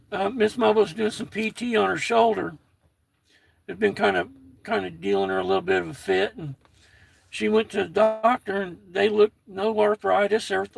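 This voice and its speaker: An older American man hosts his own livestream, chatting casually in a folksy way, warmly reading out viewer comments. His voice is high-pitched and creaky with a breathy edge, in a dry recording.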